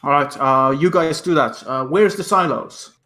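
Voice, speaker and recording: A man playing a tabletop game, slow and halting, repeating his words. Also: on the high side, sharp tone. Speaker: player. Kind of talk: casual tabletop play. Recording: echoey room.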